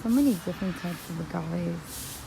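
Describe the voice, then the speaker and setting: A woman's voice: lowish voice, expressive, moderate pace, vocal fry. A woman chatting casually as she films a walk through an outdoor plant nursery, thinking aloud and correcting herself, on a handheld phone. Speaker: vlogger. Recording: loud outdoor noise with birds and traffic.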